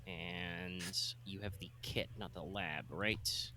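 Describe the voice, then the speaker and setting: A man's voice: low-pitched, fairly even intonation, slow, bright, forceful tone. A man running a tabletop game as game master, explaining rules in a rambling way with lots of filler words.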